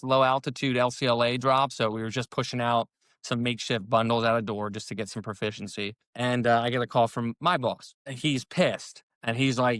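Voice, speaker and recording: A man's voice: medium pitch, clear, resonant tone, no room sound. A middle-aged American man, a retired army captain, telling a story in a casual interview and acting out the lines of the people in it. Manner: animated storyteller, acts out quoted dialogue.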